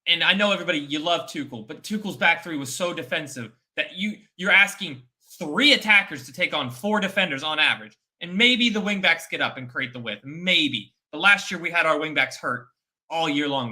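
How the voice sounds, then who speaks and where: Bright, emphatic fan pundit. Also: male voice, on the high side. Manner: emphatic, opinionated, repeats points. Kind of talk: casual post-match chat.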